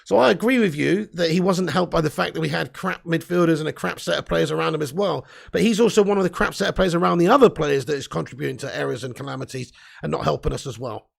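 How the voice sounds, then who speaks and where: A man's voice: fairly high pitch, quick pace, vocal fry. A young man hosting a live fan stream, reading chat comments and ranting bluntly with plenty of swearing. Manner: blunt, sweary, excitable banter. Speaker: livestream host.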